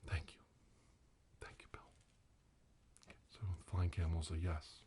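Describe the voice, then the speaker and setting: A man doing a whispered role-play as a comic ASMR host, teasing and mock-soothing, with soft talk and whispers. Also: low voice, level tone, normal speed.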